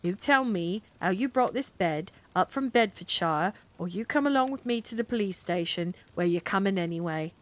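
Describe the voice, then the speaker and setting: A woman with a medium-pitched, lively voice reads a bedtime story at normal speed with few pauses, lightly acting the part. She plays a stubborn middle-aged cop who blusters in sarcastic, ungrammatical speech, and the mood is stern.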